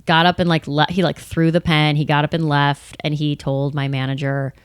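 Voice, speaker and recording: A woman in her thirties chatting on a podcast, telling work stories in a lively way and acting out the people in them. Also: low-pitched, normal speed, clean tone, no room sound, studio quality. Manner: animated storytelling, acts out bar customers and managers. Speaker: comedian guest. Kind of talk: casual podcast chat.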